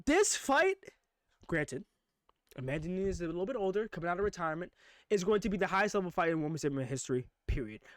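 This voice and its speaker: Excitable guy doing a live fight reaction vlog, talks super fast, dry close mic. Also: high voice, dry recording. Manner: excitable, rapid-fire hype with repeated emphatic phrases. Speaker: MMA reaction vlogger. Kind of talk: live unscripted fight breakdown. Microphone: own microphone.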